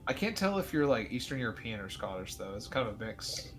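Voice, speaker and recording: A man co-hosting a game playthrough, talking in an animated, teasing, ranting way. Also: medium pitch, a little fast, crowd noise. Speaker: co-host player. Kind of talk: casual gameplay chat.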